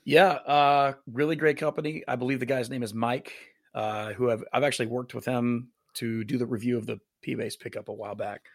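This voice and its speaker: Gravelly, enthusiastic male guest. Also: mid-range voice, steady tone, fairly quick, hardly any pauses, no room sound, clean studio sound. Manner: enthusiastic and easygoing, full of "uh" and "man". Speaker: podcast guest musician. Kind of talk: casual podcast chat.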